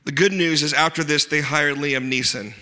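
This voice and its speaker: Preaching in a large, reverberant hall, a male pastor speaks with a fairly high, bright and forceful voice and fairly even intonation. He's earnest but drops dry asides, and he slows his delivery to stress important words.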